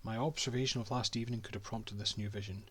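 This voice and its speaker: A man's voice: lowish voice, fairly even intonation, fast, fairly bright tone, slightly rough. A Scottish man voicing a haughty male cartographer and reading his old-fashioned diary aloud from a game.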